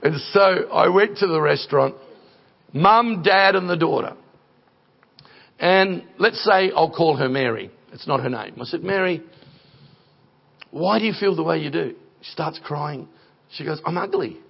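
A man's voice: on the high side, a little slow, creaky, pauses often, dull audio. A middle-aged man preaching a sermon, telling stories in a conversational way that builds to emphatic points. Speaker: guest preacher. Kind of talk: sermon with storytelling.

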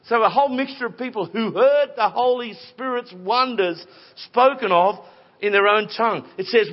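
A man preaching a sermon in a conversational, animated storytelling way with playful voices. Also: high voice. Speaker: pastor. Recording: dull lo-fi recording.

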